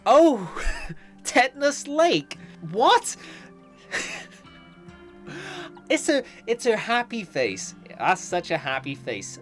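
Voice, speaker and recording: A woman giving chatty, giggly commentary while playing a story game. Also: medium pitch. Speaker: game video host. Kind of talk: casual let's-play commentary.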